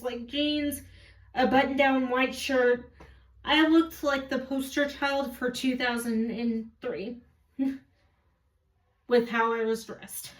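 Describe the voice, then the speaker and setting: A woman's voice: high voice, fairly bright tone, far from the mic. A woman telling a story in a casual, rambling way, often stopping to correct herself. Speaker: vlogger.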